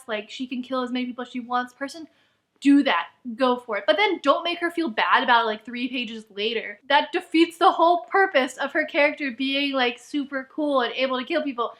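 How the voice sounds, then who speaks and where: A woman's voice: high-pitched, bright, forceful tone. A woman ranting in a book review vlog, exasperated and full of "like.". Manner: exasperated, heavy use of "like".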